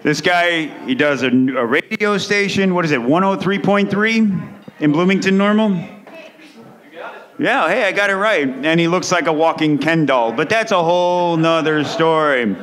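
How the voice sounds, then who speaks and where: A man's voice: fairly high pitch, moderate pace, fairly bright tone. A man emceeing a comedy night in a bar, teasing the next comic as he introduces him. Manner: joking, teasing the performer. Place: bar stage with audience.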